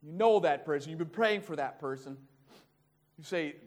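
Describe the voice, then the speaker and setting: High-voiced man preaching a sermon. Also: moderate pace, pauses often. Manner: animated, swings between hushed low asides and loud raised passages.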